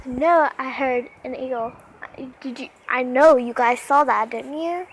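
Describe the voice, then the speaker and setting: High-voiced, slow-talking woman vlogging outdoors. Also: slight background noise, rough recording. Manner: chatty, talks straight to viewers. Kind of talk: casual vlog narration to viewers. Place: outdoors under a stormy sky.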